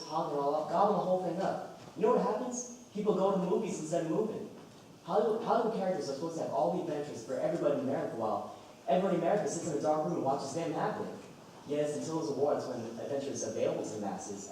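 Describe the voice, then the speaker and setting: An actor playing a restless, fast-talking young dreamer. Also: male voice, on the high side, mellow, slight background noise, close to an everyday voice. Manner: impassioned, rapid speeches. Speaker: stage actor. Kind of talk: live stage play acting. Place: college theater stage. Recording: echoey theater from far off.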